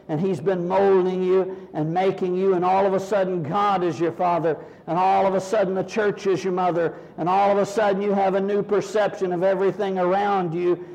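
High, gravelly preaching man in a hall. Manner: animated preaching that rises to shouts in acted prayers. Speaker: pastor. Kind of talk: sermon. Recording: 1980s church recording with long hall reverb.

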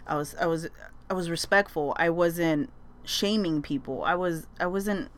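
A woman's voice: fairly low pitch, normal speed. A young woman telling a story casually, chatty, with lots of fillers and frequent swearing. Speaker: vlogger sharing advice.

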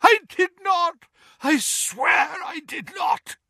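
A man's voice: very high voice, lively intonation, takes it slowly, pushed and bright, dry recording, clean studio sound, voice pushed up, full character voice. A man voicing a frail old wandmaker, screaming and pleading in agony. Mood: desperate.

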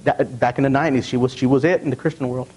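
A man preaching a sermon, stumbling over and repeating words as he tells stories, and reading scripture slowly with emphasis. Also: mid-range voice, steady tone, a little mellow, low-quality recording. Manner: repeats words and restarts often, storytelling.

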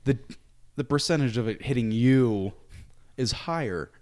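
A man as a podcast guest in casual chat, relaxed, with dry asides. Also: medium pitch, unhurried.

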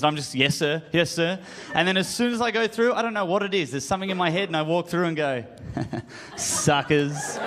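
A young Australian man with an Australian accent doing an animated, self-mocking stand-up routine on a comedy club stage. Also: sits high, slight background noise. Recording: live club with crowd laughter.

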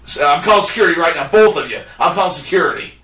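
A man's voice: fairly high pitch, racing, echoey room, recorded from a distance. A man hosting a podcast, telling a story in casual chat and acting out what others said. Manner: animated, acts out quotes of others. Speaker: podcast host.

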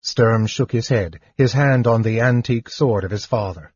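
A man narrating a fantasy audiobook in a measured, even storytelling manner. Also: medium pitch, husky, dry recording, lo-fi sound.

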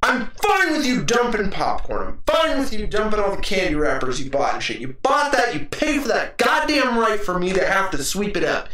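Young dude cohosting, animated rant, swears a lot, noisy roomy sound. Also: male voice, high-pitched, normal speed. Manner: animated, swearing, worked-up storytelling. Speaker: podcast co-host. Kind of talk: casual chat. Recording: echoey room, mic at a distance.

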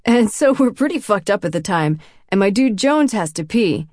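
A woman's voice: medium pitch, expressive, moderate pace, darkish tone, dry recording, clean studio sound, natural voice. A woman voicing a crude, tipsy teenage boy at a party who rambles in slang, peppered with "like".

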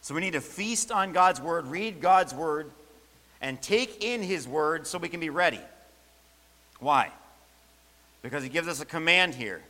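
A man's voice: fairly high pitch, expressive, measured pace, long pauses, pushed and bright. A man preaching a sermon, emphatic and repeating key phrases for stress. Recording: long hall reverb.

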